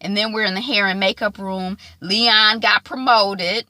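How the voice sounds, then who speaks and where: A woman casually recapping a TV episode, acting out the characters' lines in quick asides. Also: mid-range voice, no echo. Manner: animated, acts out quoted lines in quick asides. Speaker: TV show reviewer.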